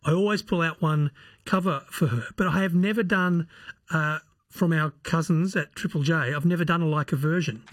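A man's voice: a little high, normal speed, dry recording. A man, a radio producer, explaining new music on air in an easy, chatty way. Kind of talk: radio music segment chat. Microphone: studio microphone.

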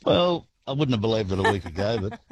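An Australian farmer speaks in a lowish voice, relaxed and unhurried. He stops and restarts his sentences often while answering interview questions. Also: slightly rough, no echo, rough recording. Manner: relaxed, halting, many restarts. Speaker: grain farmer. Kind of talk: radio interview.

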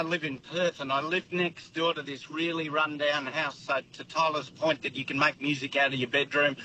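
An Australian man calling in to talkback radio, telling a story in a relaxed way. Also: fairly high pitch, slight background noise, rough recording. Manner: relaxed storyteller, laughing as he tells it. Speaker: caller. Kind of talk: phoned-in anecdote on talkback radio.

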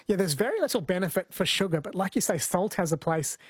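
A man's voice: sits high, lively intonation, fast, husky, no room sound, studio quality. A man hosting a radio show, chatting in a friendly way and laughing easily. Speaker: radio host. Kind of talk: casual radio chat. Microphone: studio mic.

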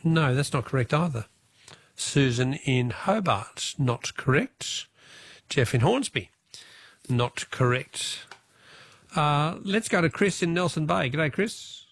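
An Australian man hosting a radio quiz, reading questions and taking callers briskly. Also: on the high side, expressive, dry recording, studio quality.

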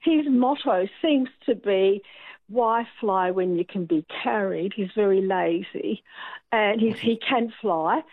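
A woman's voice: medium pitch, slow pace, dry recording. A woman calling in to a radio show, telling a story in a chatty, hesitant way. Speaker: caller. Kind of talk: telling an anecdote on a radio call-in. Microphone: telephone. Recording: tinny phone line.

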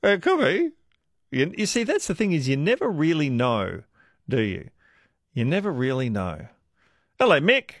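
A man with an Australian accent hosting a talkback radio show, chatty and quick to laugh. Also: on the high side, dry recording, studio quality. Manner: chatty, laughs easily, lively. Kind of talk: casual talkback radio chat.

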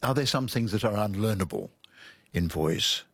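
A man interviewing, asking thoughtful questions with halting restarts. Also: fairly low pitch, animated, vocal fry, husky, no room sound.

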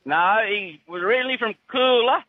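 A man's voice: high voice, a little fast, dry recording, narrow, tinny audio. A man with a broad rural Australian accent calling in from his tractor, chatting in a laconic, drawling way. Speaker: caller. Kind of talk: casual phone chat. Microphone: phone.

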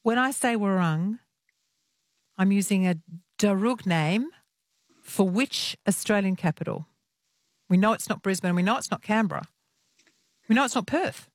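Woman in her forties, radio quiz host, teasing and effusive, middle pitch, dry close studio sound, casual call-in chat. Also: moderate pace, pauses often, dry recording. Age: 40s.

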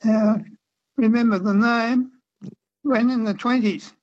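A man's voice: extremely high pitch, steady tone, slow pace, no echo. A man calling in to a radio quiz, hesitant and unsure, with many ums. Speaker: caller, quiz contestant. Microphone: telephone. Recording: dull phone line.

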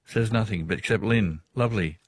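A man's voice: on the low side, brisk, husky, no room sound. An Australian man hosting a talkback radio show, chatting casually with callers, often laughing as he rambles through stories. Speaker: radio host.

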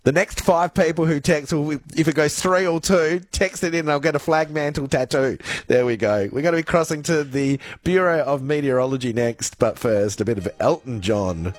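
A man with an Australian accent, presenting a radio show in a studio and reading listener texts in a chatty, excitable way. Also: on the high side, normal speed, few pauses, no room sound. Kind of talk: casual radio chat.

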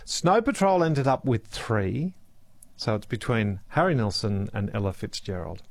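An Australian man hosting a morning radio show, reading out listener messages in a chatty, relaxed way. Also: fairly low pitch, measured pace, no room sound. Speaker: radio host. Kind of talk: casual radio chat. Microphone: studio microphone.

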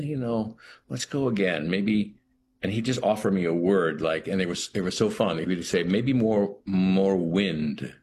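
A middle-aged interview guest with a very low voice speaks slowly and thoughtfully. He often halts and restarts phrases, leaning on "you know" as he searches for words, with a faint hum in the background.

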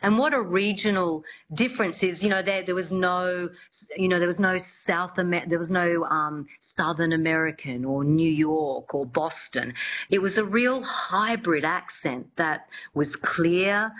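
A woman's voice: lowish voice, measured pace, fairly bright tone, rough recording. A woman accent coach being interviewed on the radio, explaining with frequent hesitations.

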